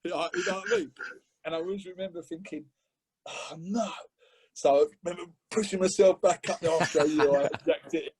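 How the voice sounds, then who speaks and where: Husky man telling a lively football story. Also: fast talker. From England. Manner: animated, laughing, acts out quotes with rising pitch. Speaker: podcast guest. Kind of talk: casual storytelling chat.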